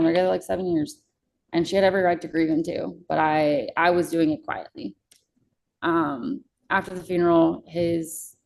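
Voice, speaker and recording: A young woman with a low voice shares a personal story as a podcast guest. Her tone is raw and casual, with plenty of swearing, and her voice has a gravelly edge. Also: a little mellow, slight background noise, low-quality recording. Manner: candid, swears freely.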